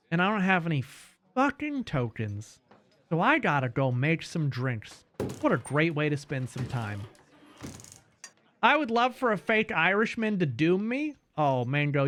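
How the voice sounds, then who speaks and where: Animated, high-pitched male streamer. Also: a little hiss or hum. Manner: animated, swears, laughs often. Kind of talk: casual gameplay commentary.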